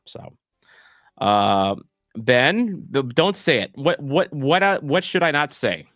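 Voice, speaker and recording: A man hosts a live watch-along, talking loosely to his viewers in a self-mocking, meandering way, stumbling through fillers and false starts. His voice sits at an ordinary middle pitch. The sound is dry and close, with no room around it. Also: big pitch swings, slow, fairly bright tone, no room sound, faint music behind. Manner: rambling, self-deprecating, many fillers and restarts. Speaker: streamer hosting a soccer watch-along. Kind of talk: casual live-stream chat reading comments.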